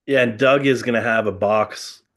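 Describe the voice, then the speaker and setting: A man's voice: fairly low pitch, fairly even intonation, moderate pace, a bit bright. A middle-aged man, a guest in casual chat, rambling fondly through memories and chuckling often.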